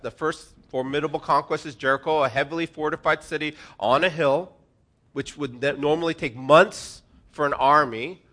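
Bright-voiced preaching man, hushed to emphatic. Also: a little high. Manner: earnest, preacherly delivery. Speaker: pastor. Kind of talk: sermon.

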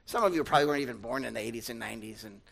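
A man's voice: mid-range voice, rapid-fire, creaky, poor audio. A young man preaching a sermon, talking with the congregation in a conversational way, asking them questions and acting out voices. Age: young adult. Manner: acts out loud shouted voices and asides. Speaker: pastor.

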